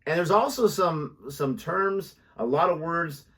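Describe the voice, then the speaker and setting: A man's voice: a little high, a little slow, a bit bright. A man in casual chat on a reaction video, candid and given to sarcastic asides.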